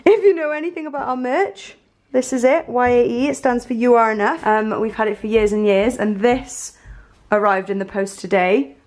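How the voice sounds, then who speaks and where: A woman's voice: on the high side, normal speed, darkish tone. A young adult woman chatting casually to camera in a vlog, gushing and full of fillers. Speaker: vlogger. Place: home, then in a car.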